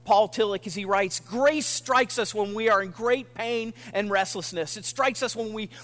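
A man preaching a sermon with earnest, dramatic pauses, sometimes dropping almost to a whisper. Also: high-pitched, a bit bright, in a large hall. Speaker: pastor.

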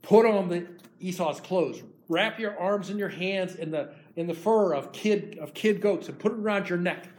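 A scheming mother quietly pressing her son with orders, as a man puts her on. She speaks in a hushed, urgent way, in a slightly high voice. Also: moderate pace, natural voice.

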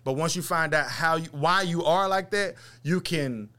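A man's voice: fairly high pitch, normal speed, bright, forceful tone. A man co-hosting a podcast, earnestly reflecting on life in casual, profane conversation. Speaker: podcast co-host. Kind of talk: casual chat.

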